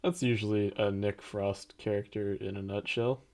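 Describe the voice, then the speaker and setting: A man's voice: lowish voice, steady tone, moderate pace, darkish tone. A man hosting a casual film podcast who teases his co-host in a laid-back way.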